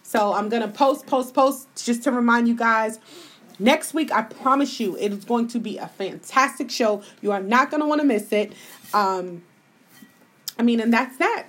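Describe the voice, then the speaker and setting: A woman's voice: a little high, moderate pace. A woman hosting a live podcast, venting her opinions bluntly and with a lot of profanity. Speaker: podcast host.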